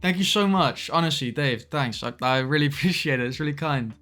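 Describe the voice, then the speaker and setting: A man's voice: fairly high pitch, brisk, bright, forceful tone, faint music behind. A young British man streaming live, chatting casually to viewers, greeting them by name, laughing often and trailing off mid-sentence.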